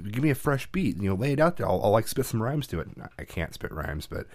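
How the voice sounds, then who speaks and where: Man, very low voice, dry close sound, casual storytelling, acts out quotes. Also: sing-song, fast, no room sound. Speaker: podcast co-host, father.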